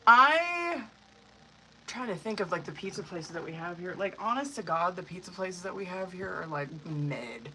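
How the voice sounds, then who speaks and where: A woman's voice: fairly low pitch, animated, moderate pace, pushed and bright, slight background noise, rough recording. A young woman, a tarot reader, chatting casually with her live-stream viewers, laughing often and swearing freely.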